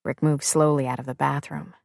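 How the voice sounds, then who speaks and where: A woman's voice: extremely low pitch, flat delivery, a little fast, creaky, darkish tone, no room sound, studio quality. A woman narrating an audiobook novel, reading two men's conversation with small shifts in tone. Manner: reads dialogue for two men with small shifts in tone. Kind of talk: scripted narration.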